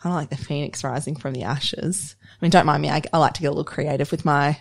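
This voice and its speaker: Chatty low-voiced woman podcast host. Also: fairly even intonation, quick pace, creaky. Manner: chatty, playful, teasing. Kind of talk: podcast interview.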